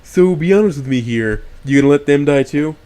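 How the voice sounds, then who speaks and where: A man's voice: a little high, expressive, a little fast, dark tone, clean tone, pitched above the performer's own voice, close to an everyday voice. A man reading a story aloud on stream, voicing the smug, taunting ghost of a dead friend. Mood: mocking. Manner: taunting, sneering, vindictive.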